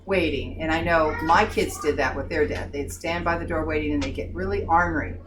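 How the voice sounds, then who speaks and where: An older woman telling family stories in a folksy, animated way, laughing at her own tales in a casual group chat. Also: low-pitched, fairly quick. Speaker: staff member at a pregnancy center. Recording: distant mic with clear background noise.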